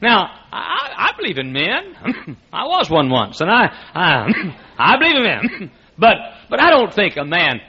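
A man preaching a sermon as pastor, animated and laughing, often restarting his sentences, on a dull lo-fi recording. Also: high-pitched, unhurried, gravelly, husky.

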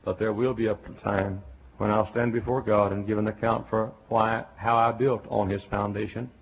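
A man preaching a folksy revival sermon that swings between quiet, chatty asides and loud shouting. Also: lowish voice, little pitch movement, normal speed, gravelly, slightly rough. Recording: tinny lo-fi sermon tape.

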